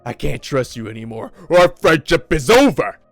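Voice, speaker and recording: A man voicing a crude, brash teenage boy who swears and talks fast. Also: mid-range voice, vocal fry, no room sound, soft background music, lightly acted.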